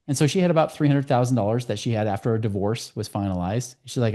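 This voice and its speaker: A man speaking as a guest on a podcast interview, telling client stories in a quick, storytelling way. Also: medium pitch, mellow. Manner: fast, storytelling with client anecdotes. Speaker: guest, financial coach.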